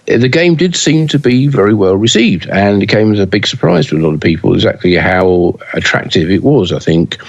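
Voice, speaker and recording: A man's voice: fairly low pitch, brisk, few pauses, muffled recording. A man co-hosting a pinball news podcast in casual chat, hesitant with many fillers and restarts.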